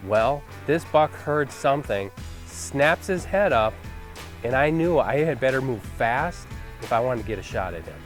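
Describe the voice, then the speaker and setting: A man's voice: medium pitch, expressive, measured pace, faint music behind. A man hosting a hunting show, looking back on the hunt in conversational commentary, enthusiastic and full of "you know"s. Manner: enthusiastic, conversational, filler-heavy. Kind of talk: reflective interview-style commentary.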